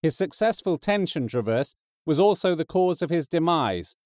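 A man narrating an audiobook in a steady, measured storytelling voice. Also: a little high, no room sound, studio quality.

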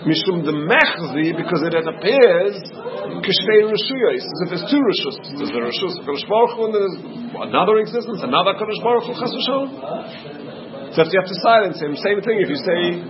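A man's voice: high-pitched, expressive, fairly quick, a crowd in the background. Rhetorical Talmud teacher, man. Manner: explains by asking questions and answering them. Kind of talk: Talmud class lecture. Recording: dull lo-fi recording with audience noise.

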